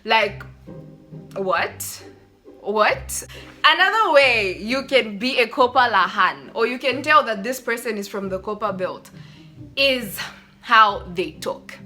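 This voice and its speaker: Woman in her twenties, sit-down vlog on a phone camera, bright, a bit high, faint music behind. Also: slow pace. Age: 20s. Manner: animated, laughing, mimics others. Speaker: YouTuber.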